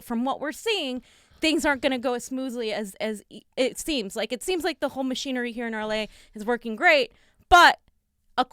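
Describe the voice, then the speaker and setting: Co-host, female, earnest and urging, casual chat; a bit high-pitched, close dry mic. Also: bright, forceful tone, clean tone, dry recording. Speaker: political show co-host. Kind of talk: casual live-stream chat.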